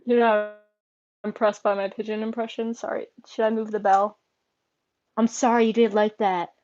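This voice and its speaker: A woman's voice: mid-range voice, little pitch movement, moderate pace, darkish tone. Playful woman streamer chatting casually. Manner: playful, talks to her pets. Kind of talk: casual live-stream chat. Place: home room. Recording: dull lo-fi stream audio.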